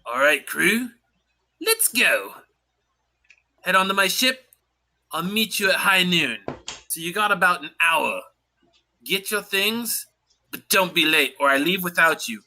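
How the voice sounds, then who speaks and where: A stern ship captain barks out his terms, pitched up and drawn out, as a male game master puts him on. His voice is bright and hard, and he lingers over his words in a tabletop fantasy game. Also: lively intonation, measured pace, long pauses, full character voice. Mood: commanding. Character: commanding male ship captain recruiting a crew.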